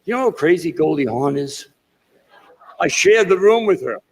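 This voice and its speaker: Older man with a Boston accent, gravelly and a bit husky, who digresses through stories at a keynote. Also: fairly high pitch, lively intonation, moderate pace, low-quality recording. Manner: digressive storyteller with asides and self-deprecating jokes. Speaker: keynote speaker. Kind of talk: rambling motivational speech. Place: conference hall.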